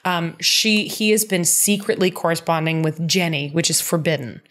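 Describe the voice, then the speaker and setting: Animated woman podcast co-host. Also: on the low side. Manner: animated, quick bursts of speech, acts out characters' lines. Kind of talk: casual chat recapping a TV episode.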